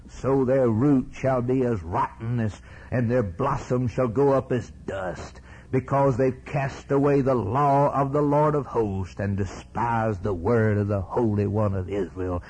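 A man preaching a sermon, telling a story and swinging from low drawn-out lines to sudden high shouted peaks. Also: a little hiss or hum, low-quality recording.

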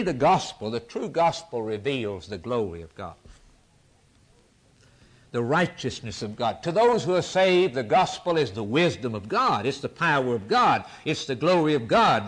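A man preaching a sermon in a rhythmic, repetitive cadence, swinging between near-shouts and hushed whispers. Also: medium pitch. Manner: impassioned, rising to near-shouts and dropping to whispers.

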